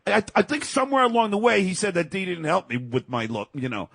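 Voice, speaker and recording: A man's voice: high voice, expressive, fast talker, creaky, fairly bright tone, slightly rough, no room sound. A male interview host who mostly gives short agreements and asks follow-up questions. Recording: dry, tinny phone line.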